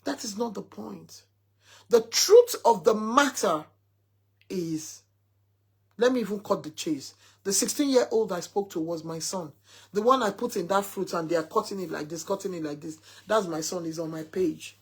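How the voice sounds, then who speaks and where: Husky-voiced woman, mother telling a story to her followers with emphasis, quoting her son. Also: lowish voice, moderate pace, a little mellow. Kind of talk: casual talk to followers.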